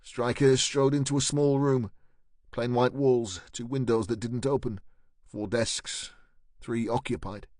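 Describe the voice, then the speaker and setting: Here a man with a mid-range voice narrates crime fiction from a script, keeping a measured, even delivery. The recording is dry and studio-clean.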